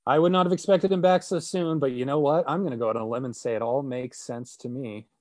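A man's voice: medium pitch, fast, no room sound. A man co-hosting a podcast, chatting casually with playful banter. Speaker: podcast co-host. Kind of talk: casual chat. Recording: dry close recording.

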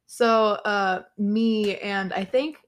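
A young adult woman telling a story as a podcast guest, animated, laughing often and swearing a lot. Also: mid-range voice, extremely slow. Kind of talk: casual storytelling.

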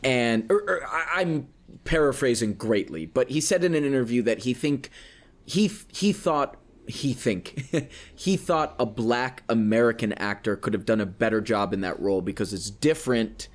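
A man's voice: medium pitch, moderate pace. Rambling, cursing man in casual chat. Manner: rambling, swears often, self-correcting.

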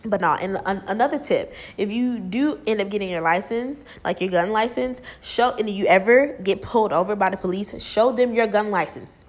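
A young woman ranting and gossiping to her viewers in a blunt, profane, animated way. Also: mid-range voice, normal speed, few pauses. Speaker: vlogger. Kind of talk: casual rant and gossip.

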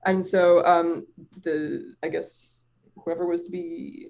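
A woman's voice: on the low side, fairly even intonation, takes it slowly, gravelly, a little mellow. A chatty woman tells a personal story in casual conversation. She rambles, leans on fillers, and swears freely. She laughs easily as she talks. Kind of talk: casual chat.

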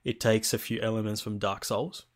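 Male podcast co-host, laid-back conversational delivery, lower pitch. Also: flat delivery, normal speed. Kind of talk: casual chat.

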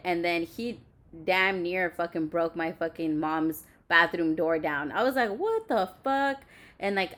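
Blunt, swearing young woman, lowish voice. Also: a bit bright. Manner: blunt, heavy swearing, many fillers. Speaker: podcast host. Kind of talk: candid storytelling chat.

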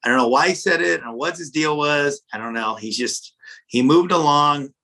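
A restaurant owner telling a story in his office, animated and profane, often repeating words when he gets worked up. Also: fairly high pitch, brisk. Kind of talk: casual storytelling in an interview.

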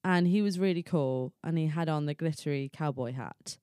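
A woman's voice: low-pitched, moderate pace, warm tone, clean tone, no echo, studio quality. A woman co-hosting a podcast, telling stories in a playful, laughing casual chat. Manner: playful, storytelling, laughs a lot. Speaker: podcast co-host.

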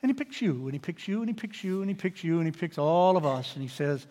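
A man preaching a sermon, animated and swinging from loud declarations to hushed, intimate pleas. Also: on the high side, quick pace, few pauses, in a large hall. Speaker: pastor.

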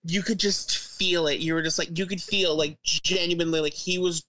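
A woman's voice: fairly low pitch, fairly even intonation, moderate pace, fairly bright tone. A woman co-hosting a podcast, chatting enthusiastically and laughing often about a TV show. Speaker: podcast co-host. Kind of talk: casual chat about a TV show.

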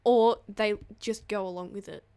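A woman's voice: medium pitch, fairly even intonation, normal speed, gravelly, mellow, clear, resonant tone. A woman co-hosting a casual podcast, telling a story playfully and giggling along. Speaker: podcast co-host.

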